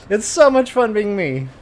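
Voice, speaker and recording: A middle-aged man giving casual gameplay commentary, chatty and quick to laugh, who tells stories to his viewers while he plays. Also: sits high, a little hiss or hum. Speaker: gaming streamer.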